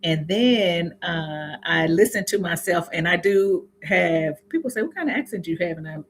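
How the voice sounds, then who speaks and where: On a casual livestream, a middle-aged natural hair YouTuber from Indiana rambles with her viewers, mixing in Southern sayings and frequently laughing at her own expense. Her voice is on the low side and expressive, carries an Indiana accent, and moves at a normal speed.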